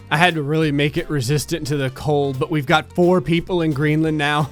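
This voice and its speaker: A man's voice: fairly high pitch, steady tone, fairly quick, hardly any pauses, faint music behind. A young man giving sarcastic, jokey gameplay commentary, reading game text aloud with wisecracks.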